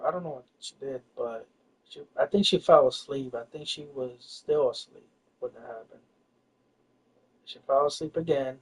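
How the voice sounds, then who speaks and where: A man's voice: medium pitch, husky. A man telling a personal story in casual chat, rambling and hesitant, full of fillers and restarts. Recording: distant, dull lo-fi recording.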